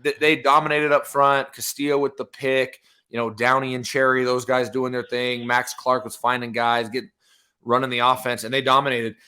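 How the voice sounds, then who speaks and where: A man co-hosting a sports podcast talks through the games in an excited, casual way. His voice sits at an ordinary pitch but sounds bright and forceful, with a clear edge on every phrase. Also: moderate pace. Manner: excited game-by-game breakdown. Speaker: podcast co-host.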